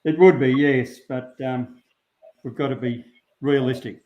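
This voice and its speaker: Here the same kind of speaker, an Australian man who handles sheepdogs, has a mid-range voice with fairly even intonation. As an interview guest he chats unhurriedly and plainly, with many ums, in relaxed conversation captured on roomy, dull, lo-fi audio.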